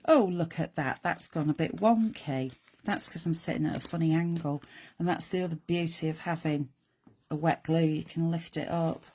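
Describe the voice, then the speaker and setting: Chatty croaky woman crafting live. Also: low-pitched, moderate pace, darkish tone. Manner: chatty, self-deprecating, thinks aloud. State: croaky, losing her voice. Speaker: craft show host.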